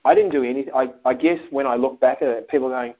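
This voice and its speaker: A man's voice: medium pitch, rapid-fire. A man telling a personal story in a casual interview, acting out phone calls and what people said. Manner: animated, acts out phone calls and quotes. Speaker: interview guest. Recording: dull lo-fi sound.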